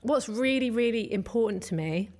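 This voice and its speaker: A woman's voice: a little high, animated, darkish tone. A woman co-hosting a retreat, answering an audience question in a live Q&A, tearful and crying as she speaks, heartfelt and open. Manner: heartfelt, open, quick bursts of emotion. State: tearful, crying while talking. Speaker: retreat co-host.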